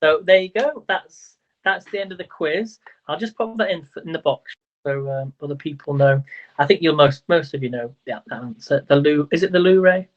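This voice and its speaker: A man's voice: fairly high pitch, normal speed. Male livestream quiz host, chatty, trips over words, muffled lo-fi sound. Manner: chatty, stumbles over words, counts aloud. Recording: dull lo-fi livestream audio.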